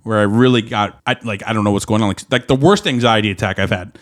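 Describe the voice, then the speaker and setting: A man co-hosting a podcast, telling a story in an animated, profane, casual way. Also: lowish voice, fast. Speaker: podcast co-host.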